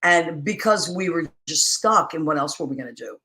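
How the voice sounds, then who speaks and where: A woman hosting a live-streamed talk show, chatting casually, warmly greeting viewers by name with endearments and rambling with many fillers and restarts. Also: sits low, lively intonation, moderate pace. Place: home, streaming live in New York.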